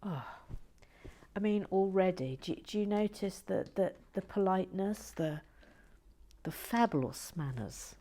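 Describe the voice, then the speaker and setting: A woman hosting her channel in relaxed, playful chat, often dropping into whispered asides and stammering restarts. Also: medium pitch, unhurried. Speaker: channel host building and reviewing brick sets. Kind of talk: relaxed casual chat to viewers.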